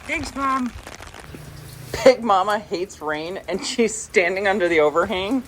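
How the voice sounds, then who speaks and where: A woman's voice: a little high, sing-song, unhurried, fairly bright tone, a little hiss or hum. A woman vlogging casually from her farm, chatting and talking to her animals. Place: outdoors on a farm.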